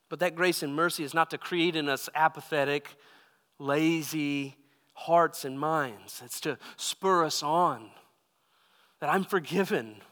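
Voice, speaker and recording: A man's voice: a little high, fairly bright tone, big-room sound. A man preaching a sermon to a congregation, talking in a conversational way with asides to the listeners. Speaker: pastor.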